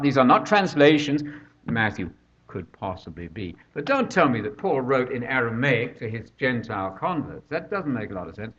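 Older man, sermon, conversational, rhetorical questions, higher-pitched, dull lo-fi sound. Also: a bit bright. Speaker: preacher. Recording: dull lo-fi recording.

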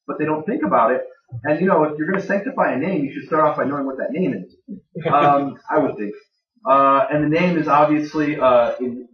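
A man giving a conversational Bible teaching to a live audience, plain-spoken with dry jokes. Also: fairly high pitch. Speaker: Bible teacher speaking to a gathering. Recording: dull, echoey room recording from far off.

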